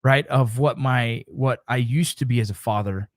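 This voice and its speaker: A man's voice: medium pitch, moderate pace, no room sound, studio quality. A man in his forties hosting a casual livestream chat, talking emphatically, repeating himself and swearing casually. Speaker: show host.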